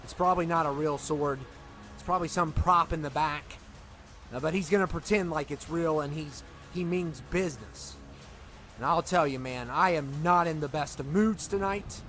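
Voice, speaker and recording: A high-pitched man gives in-character commentary over a wrestling video game. He rambles and complains in a whiny, exasperated way. A faint music bed plays underneath. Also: normal speed, sharp tone.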